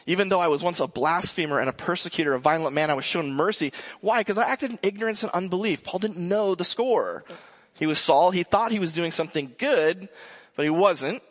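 A male pastor in his thirties giving a sermon, joking and telling a lively family story. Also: on the high side.

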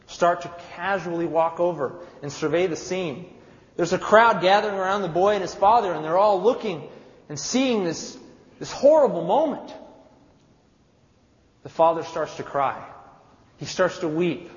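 A man preaching a sermon, retelling a scene with dramatic storytelling. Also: fairly high pitch. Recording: echoey hall, dull sound.

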